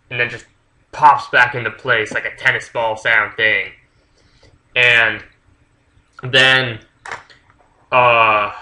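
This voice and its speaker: A man's voice: mid-range voice, bright, forceful tone, poor audio. A man casually retelling a story's plot for a book review, rambling with lots of fillers and swearing freely.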